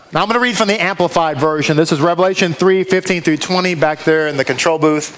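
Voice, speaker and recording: A man's voice: on the high side, quick pace, few pauses, a bit bright, low-quality recording. A male preacher delivering a sermon to a congregation, reading scripture aloud and driving points home with emphatic rhetorical questions. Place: congregation with a control booth.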